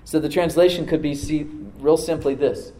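A man preaching to a congregation, reading scripture aloud and then dropping to a soft voice to stress a point, calling for responses from the room. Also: fairly high pitch, steady tone, normal speed, roomy sound, rough recording. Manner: asks the congregation to answer back. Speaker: pastor. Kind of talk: sermon. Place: church service with a live congregation.

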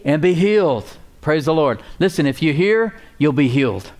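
A slightly high, expressive male voice with a darkish tone speaks at normal speed as a pastor preaching in church. Before his responsive congregation he's emphatic and casual, repeating key words, asking for amens, and adding fillers and folksy asides.

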